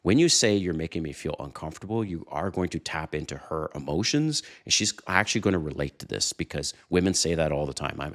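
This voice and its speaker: A man hosting a dating advice channel, talking casually and animatedly to viewers, telling quick stories and chuckling. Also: extremely low pitch. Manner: animated storytelling, chuckles, addresses viewers directly. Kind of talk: casual advice monologue to camera.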